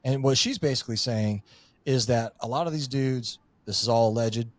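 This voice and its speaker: A man's voice: mid-range voice, normal speed, no room sound. A middle-aged man, a former Marine, talking in a rambling, profane way with lots of fillers in a casual podcast chat.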